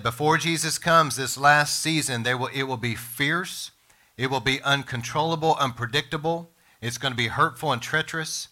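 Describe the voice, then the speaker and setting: A man preaching a sermon as pastor, emphatic, slowing down to stress words and speaking straight to his congregation and listeners. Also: medium pitch, sharp tone. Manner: addresses congregation and podcast listeners directly.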